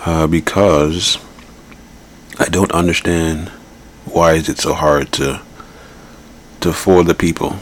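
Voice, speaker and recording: A man's voice: extremely low pitch, fairly even intonation, takes it slowly, long pauses, slight background noise. A man hosting a podcast, giving blunt, rambling political commentary and repeating his points. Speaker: podcast host.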